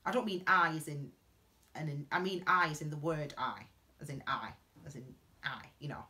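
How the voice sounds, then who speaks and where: A woman gives earnest, heartfelt advice in a reflective vlog monologue, rambling and halting with frequent restarts and tangents. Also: sits low, pushed and bright. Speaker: tarot reader giving advice.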